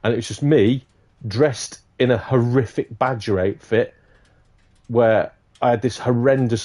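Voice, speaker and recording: Guy rambling on his live stream, swears a lot, warm relaxed tone. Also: medium pitch, normal speed. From Shropshire, England. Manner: rambling, chatty, swears freely. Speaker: livestream host. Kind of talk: casual live-stream chat.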